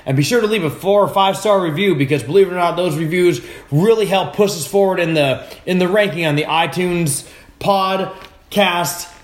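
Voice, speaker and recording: A man's voice: high voice, moderate pace, reverberant. A man hosting a podcast, telling stories in casual chat, rambling and swearing a lot. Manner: rambling, profane storytelling. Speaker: podcast host.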